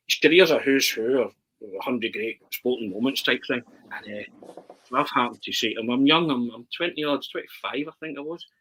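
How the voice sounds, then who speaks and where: A Scottish man telling stories in a casual chat as a podcast guest, animated and constantly checking in with his listener. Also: mid-range voice, slightly rough, poor audio. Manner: animated, keeps asking "right?". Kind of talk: casual storytelling.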